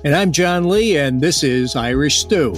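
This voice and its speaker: A man's voice: a little high, lively intonation, a little slow, faint music behind. A man hosting a podcast, opening the show in an upbeat, welcoming way. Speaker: podcast host. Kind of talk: podcast introduction.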